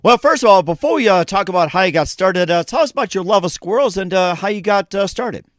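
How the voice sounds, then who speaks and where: A man's voice: high voice, animated, fast, no echo, clean studio sound. A man hosting an interview show, upbeat and punning, with lots of fillers and restarts. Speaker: podcast host. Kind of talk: casual interview. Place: studio.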